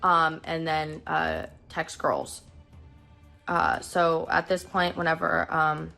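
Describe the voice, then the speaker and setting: A young woman recounting a painful personal story in a halting, emotional way. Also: low voice, animated, gravelly, bright, forceful tone, faint music behind. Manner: halting, full of fillers and restarts, emotional.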